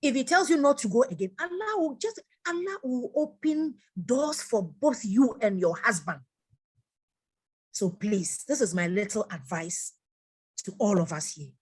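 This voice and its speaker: A middle-aged woman, giving religious advice to a gathering through an animated story, repeating phrases for emphasis. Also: a little high, measured pace, breathy edge. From Ghana. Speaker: guest speaker.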